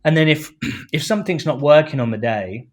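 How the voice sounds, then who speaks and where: A man's voice: a little high, lively intonation, moderate pace. Chatty man from London, filler-heavy. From London, England. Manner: chatty, many fillers, acts out quoted speech. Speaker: guest, film director. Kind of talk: casual podcast interview.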